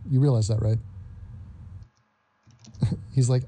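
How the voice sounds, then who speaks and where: A man's voice: medium pitch, a little slow, long pauses, warm tone. A man hosting a ranting reaction commentary, sarcastic and repeating his phrases again and again. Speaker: commentary host.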